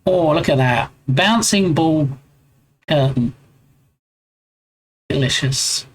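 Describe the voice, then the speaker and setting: A man's voice: a little high, slow pace, low-quality recording. A man in his forties with an English accent, chatting casually with his live stream viewers and bantering playfully as he answers their chat.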